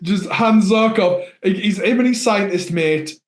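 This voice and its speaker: A man's voice: high-pitched, measured pace. A man with a northern English accent, chatting casually on a podcast and laughing as he retells film scenes. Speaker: podcast co-host. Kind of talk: casual chat. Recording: echoey room.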